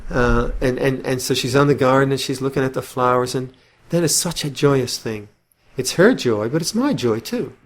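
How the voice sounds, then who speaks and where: Older man giving a halting dharma talk. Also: mid-range voice, animated. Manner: thoughtful, halting, many restarts and fillers; gently acts out quoted voices. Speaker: Buddhist monk teacher.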